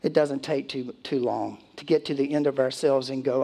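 A middle-aged man preaching a sermon as pastor, reading scripture slowly and deliberately, then talking to the congregation in a conversational way. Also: on the high side, expressive, a little mellow, slightly rough.

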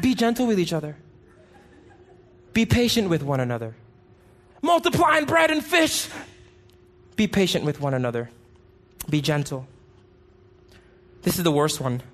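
A man preaching a sermon with passion, pleading loudly at times and then dropping his voice low. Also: very animated, measured pace, long pauses. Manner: impassioned, rising to pleading shouts and dropping low.

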